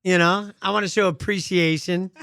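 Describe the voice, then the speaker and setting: A man's voice: high voice, fairly even intonation, moderate pace, gravelly, sharp tone, smooth, no echo. A man co-hosting a podcast in a boisterous, casual chat, laughing often. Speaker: podcast co-host.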